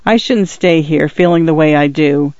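A man voicing a proud old pioneer grandfather who speaks gently and tiredly, in a storybook reading. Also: a little high, moderate pace, dry recording, lo-fi sound, natural voice. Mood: gentle.

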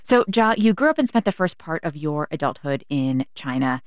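A woman hosts a radio interview show, her voice low and smooth. She speaks in a calm, measured way. The studio sound is dry and close. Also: dry recording. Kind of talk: scripted public radio interview.

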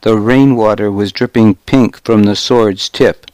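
A man narrating a historical novel in the first person, in a grave, deliberate way. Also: on the low side, steady tone, a little mellow, clean tone, dry recording. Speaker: audiobook narrator.

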